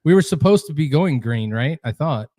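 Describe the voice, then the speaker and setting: Mellow-voiced relaxed male co-host. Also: a little high, moderate pace, no room sound, clean studio sound. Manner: relaxed, conversational, wry. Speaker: podcast co-host. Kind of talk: casual chat.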